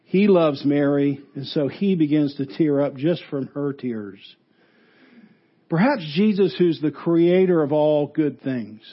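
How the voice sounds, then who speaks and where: A pastor preaching a funeral sermon, earnest, rising loud for emphasis and dropping low and soft. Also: male voice, lo-fi sound.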